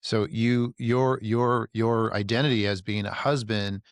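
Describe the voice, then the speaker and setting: A man's voice: lowish voice, steady tone, unhurried, no echo, studio quality. A man on a podcast panel, affirming another speaker and explaining his point. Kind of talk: conversational reflection.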